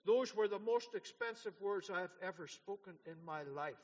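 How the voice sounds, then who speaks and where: A man in his sixties preaching an earnest sermon as pastor, swinging between loud urging and hushed, quiet passages. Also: high voice, normal speed. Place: church hall. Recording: dull sound in a large hall.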